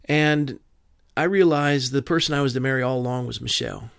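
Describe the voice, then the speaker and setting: A man's voice: medium pitch, a little fast, gravelly, a bit bright, clean tone, no room sound, studio quality. A man from Southern California, a podcast guest telling a personal testimony in earnest detail, acting out the dialogue. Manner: earnest storyteller, quotes dialogue.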